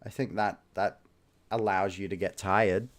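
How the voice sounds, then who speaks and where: Low voiced guy reading short stories out loud, laughs at himself, casual asides. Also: fairly even intonation, measured pace. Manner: laughs at himself, loose and chatty between stories. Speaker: reader and host.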